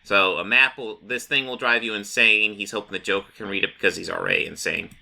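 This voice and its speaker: A man's voice: on the low side, fairly even intonation, brisk, vocal fry, sharp tone. A man hosting a channel, recapping a comic in a casual, rambling way with many fillers. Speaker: comic book channel host.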